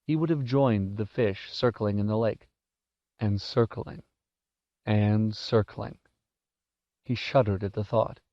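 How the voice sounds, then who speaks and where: A man narrating an audiobook in a measured, expressive storytelling manner. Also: lowish voice, no echo. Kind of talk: scripted narration. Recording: dull, dry cassette audiobook recording.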